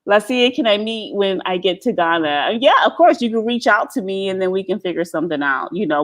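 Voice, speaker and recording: A middle-aged woman hosting a casual live stream, blunt and animated, laughing often as she chats. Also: lowish voice.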